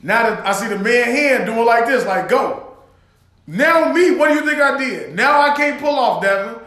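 A man co-hosting a podcast, telling a story in casual chat, animated and profane, acting out quotes with shouted outbursts. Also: very high voice, moderate pace, echoey room. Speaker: podcast co-host.

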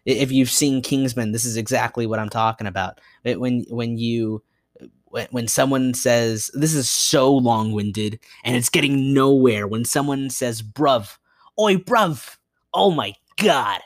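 A young man hosts a solo podcast in a mid-range voice, recorded with clean studio sound and no room noise. He rambles and mocks himself, frequently restarting sentences and going off on asides.

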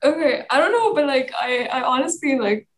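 A woman's voice: high voice, expressive, normal speed, poor audio. A young woman from Pakistan in a casual group discussion, talking with many fillers and restarts. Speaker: discussion participant.

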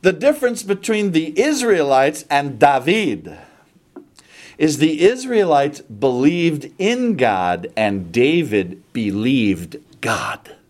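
A man's voice: a little high, sing-song, slow, darkish tone. A man preaching a sermon, retelling a scripture story dramatically and animatedly.

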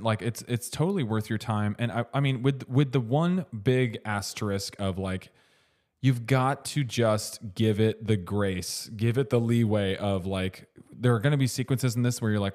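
A man's voice: on the low side, darkish tone. A man co-hosting a movie podcast, talking casually with lots of fillers and restarts. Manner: rambling, restarts and hedging with fillers. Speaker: podcast co-host. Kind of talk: casual movie review chat.

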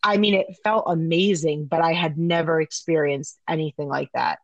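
A woman telling a personal story in casual podcast chat, animated and full of fillers, with the odd swear word. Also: deep voice, moderate pace, dry recording, highs cut off. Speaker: guest sharing a story.

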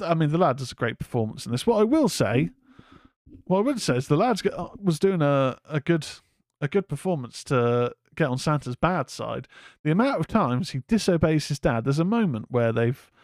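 A man's voice: fairly high pitch, very animated, moderate pace, a little mellow, no room sound, studio quality. A man from England hosting a casual film review show, rambling, swearing freely and reading out chat comments. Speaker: horror podcast host.

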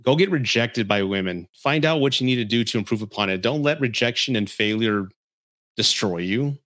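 A man's voice: medium pitch, moderate pace, a bit bright. A man hosting a podcast, giving blunt, candid relationship advice in a casual chat while reading viewer comments. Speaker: podcast host.

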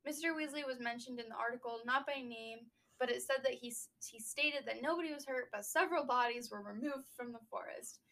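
A young woman co-hosting a casual book podcast, recapping a chapter and riffing with quick asides. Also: a little high, fairly bright tone, far from the mic, rough recording. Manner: chatty, recaps then riffs with quick asides. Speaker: book discussion podcast host.

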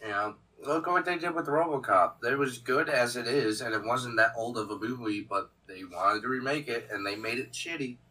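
A man's voice: medium pitch, moderate pace, few pauses, bright, forceful tone, husky, rough recording. A man co-hosting a podcast in casual chat, blunt and wisecracking. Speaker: podcast co-host.

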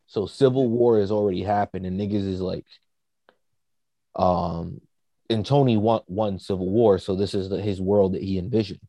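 Laid-back guy rambling on a podcast, mellow lowish voice, lots of ums. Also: fairly even intonation, normal speed, dry recording. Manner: rambling, full of fillers. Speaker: podcast co-host. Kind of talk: casual chat.

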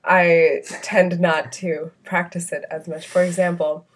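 A woman's voice: on the low side, flat delivery, a little slow. A woman born in India chatting casually as a podcast guest, giggly and full of fillers. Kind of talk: casual chat.

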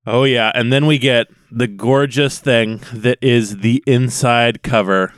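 A man's voice: mid-range voice, steady tone, measured pace, no room sound, clean studio sound. A man co-hosting a casual podcast, joking and laughing often as he tells stories. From USA. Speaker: podcast co-host. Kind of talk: casual chat.

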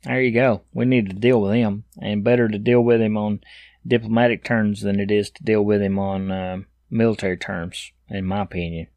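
A man's voice: lowish voice, flat delivery, moderate pace, a little mellow, dry recording. A man in middle age giving casual commentary on news headlines, reading each item aloud and then adding blunt, opinionated asides.

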